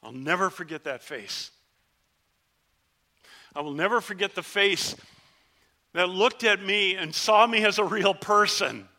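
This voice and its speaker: A man's voice: high-pitched, measured pace, pauses often, heavily acted. A man voicing a leper who was one of ten, telling his story in a first-person dramatic sermon as a vivid storyteller. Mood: earnest. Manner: vivid storyteller, shouts the plea, then hushes.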